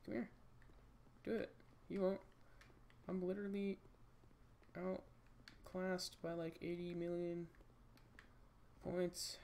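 Male gaming host, slow jokey let's-play chatter with a slightly high, raspy-fry voice. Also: completely flat delivery, darkish tone, a little hiss or hum. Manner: jokey, rambling, talks to game enemies. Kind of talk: casual let's-play commentary.

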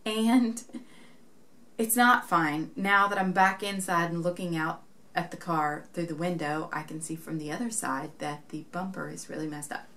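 A chatty young woman tells a story straight to camera, with a voice sitting a little lower than most women's. She acts out the lines of the people in her story as she goes. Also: fairly even intonation, measured pace, bright, forceful tone. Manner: chatty, retells events acting out quoted dialogue. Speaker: knitting vlogger.

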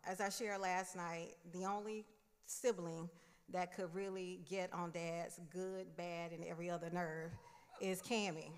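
A young woman giving a eulogy for her father in a church, telling a funny family story with warmth and humour. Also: medium pitch. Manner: warm, humorous storytelling. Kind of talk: funeral tribute storytelling. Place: large church sanctuary. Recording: reverberant church hall.

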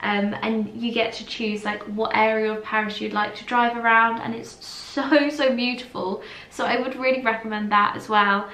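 A woman's voice: on the high side, level tone, moderate pace, hardly any pauses, sharp tone. Tired chatty woman in a roomy hotel room. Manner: chatty, fills with "like" and "literally". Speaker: lifestyle vlogger. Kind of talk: casual vlog chat to camera.

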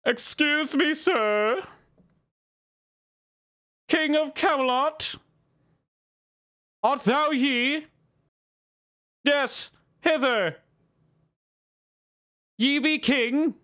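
A man putting on a pompous high-pitched medieval courtier. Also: extremely slow, pauses often, sharp tone, heavily acted. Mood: courtly. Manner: archaic, stiff, formal.

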